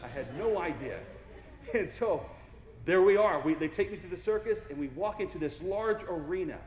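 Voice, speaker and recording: Goofy, lively man in an echoey hall. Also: high voice, moderate pace. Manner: goofy, playful, engages the crowd. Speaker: keynote speaker. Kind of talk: motivational keynote speech. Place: large hall with audience.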